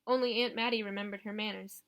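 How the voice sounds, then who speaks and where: A woman narrating a novel in the first person with steady, even reading. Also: medium pitch, quick pace. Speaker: audiobook reader.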